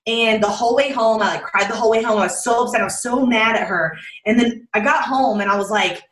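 A woman's voice: a little high, fast talker, hardly any pauses, a bit bright. A woman guest casually telling her story on a podcast, chatty and full of "like". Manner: chatty, peppered with "like" and laughs. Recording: roomy, distant from the mic.

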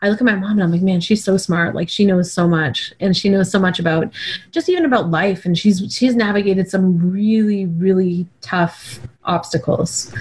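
A woman's voice: on the low side, a little hiss or hum. A woman in her thirties co-hosting a podcast, chatty and heartfelt, with lots of filler words. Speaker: podcast co-host. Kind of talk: casual chat.

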